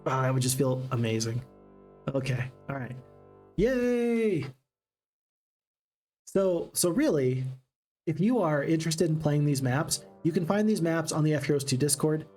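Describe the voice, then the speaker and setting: A man streaming a strategy game, chatting excitedly to his viewers. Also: on the high side, moderate pace, faint music behind. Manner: excitable, chatty, talks to chat. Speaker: gaming streamer. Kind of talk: live game commentary.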